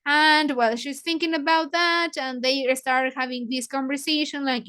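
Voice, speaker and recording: Slow, bright-voiced woman. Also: high-pitched, clean tone. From Mexico. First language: Spanish. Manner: paraphrases lines, glosses words in Spanish. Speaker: book club leader. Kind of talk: explaining a novel to English learners.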